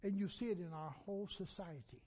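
A man's voice: high voice, a little fast, slightly rough, muffled recording. A man preaching a sermon as pastor. He repeats lines for emphasis and leaves gaps for the congregation to answer.

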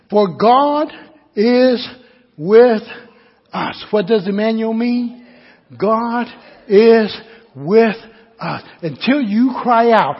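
A man preaching a sermon as pastor, swinging from shouted cries to hushed, drawn-out calls. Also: sits high, animated, husky, long reverb tail.

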